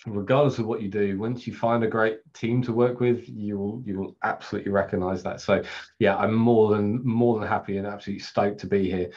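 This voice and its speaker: Over a video call, an English Scrum trainer in middle age talks in a lowish, steady voice that's a little fast and a little mellow. Casual and chatty, he pokes fun at himself, laughs frequently and fills his speech with fillers. The recording has slightly dull, lo-fi webcast sound.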